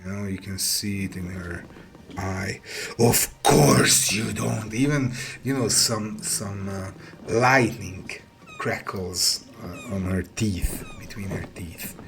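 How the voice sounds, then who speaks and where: Slow, low-voiced male game master. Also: background noise. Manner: halting, repeats words, vivid description. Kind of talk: narrating a tabletop game.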